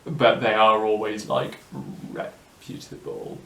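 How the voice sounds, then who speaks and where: A man's voice: fairly low pitch, takes it slowly, pushed and bright. A man with a Doncaster accent, chatting casually in a blunt, crude and self-mocking way. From England. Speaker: co-host. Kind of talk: casual chat. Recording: roomy echo.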